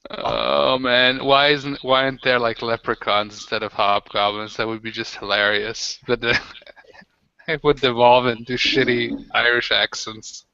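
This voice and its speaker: A man playing his character in a tabletop game, talking haltingly with lots of restarts. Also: medium pitch, flat delivery, sharp tone, clean tone, no echo. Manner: halting, full of fillers and restarts. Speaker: player. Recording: dry, dull lo-fi sound.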